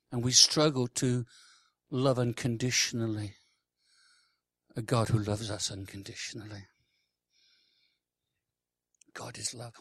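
A man in his sixties preaching a sermon, swinging from loud, emphatic declarations to hushed, almost whispered lines. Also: mid-range voice, no echo. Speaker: worship leader. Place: church conference hall.

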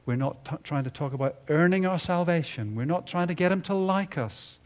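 A man preaching a sermon at a conference, building to loud emphatic peaks and dropping low and quiet at the ends of phrases. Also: brisk. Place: conference hall.

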